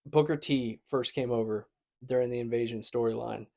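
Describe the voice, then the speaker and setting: A man's voice: mid-range voice, creaky, a little mellow. A man co-hosting a casual chat, talking in a chatty way and often quoting catchphrases. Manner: chatty, quick to quote catchphrases and laugh. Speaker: wrestling podcast co-host.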